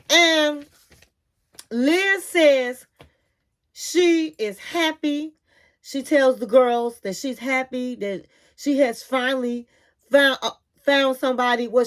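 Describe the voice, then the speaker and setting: A high-voiced woman vlogger retelling a show's drama in a chatty, gossipy way. She talks to her listener like a friend, tossing in a "honey" now and then. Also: a bit bright. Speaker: reality TV recap vlogger. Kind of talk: casual recap chat.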